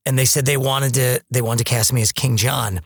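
Husky-voiced man telling a story. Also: medium pitch, brisk, dry recording, clean studio sound. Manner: animated storyteller, acts out voices. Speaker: podcast co-host. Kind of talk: casual storytelling chat.

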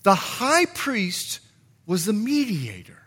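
A middle-aged man, a pastor, preaching a sermon in an animated way, now and then acting out short exchanges in a low growl. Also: slow pace, slightly rough. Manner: animated, acts out dialogue with sudden drops to a low growl.

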